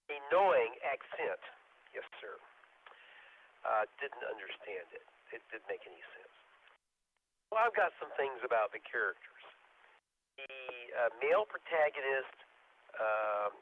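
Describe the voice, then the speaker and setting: A rambling man on an amateur radio net strings together anecdotes and often lets his voice fade at the end of phrases. His mid-range voice comes through a narrow, phone-like radio channel with a faint hiss under it. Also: mid-range voice. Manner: rambling, anecdotal, trails off softly. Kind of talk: casual on-air discussion.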